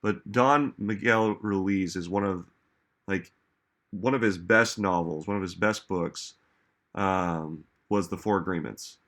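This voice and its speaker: Casual low-voiced motivational speaker, man. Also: slow pace, fairly bright tone. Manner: conversational, frequent "like" and "right?"; emphatic, questions to the audience. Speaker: self-help speaker.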